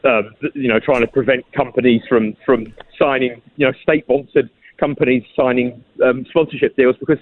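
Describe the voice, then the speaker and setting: A football journalist talking as a guest in a radio phone interview, speaking quickly with many restarts and repeated words. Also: male voice, medium pitch, fairly even intonation, slight background noise. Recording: tinny phone line.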